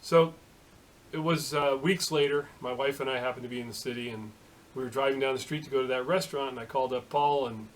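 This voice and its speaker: A middle-aged man talks through a casual vlog story at an ordinary pitch, halting often and filling gaps with "uh." He sounds like a home shop machinist chatting to the camera. A faint hiss sits behind his voice. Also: fairly even intonation, rough recording. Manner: halting, full of uh fillers and restarts.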